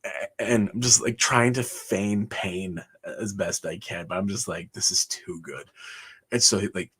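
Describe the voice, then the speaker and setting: A man's voice: fairly low pitch, fairly bright tone, husky. A man on a livestream, telling his life story casually, chuckling often and rambling with fillers. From Canada. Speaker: livestream host.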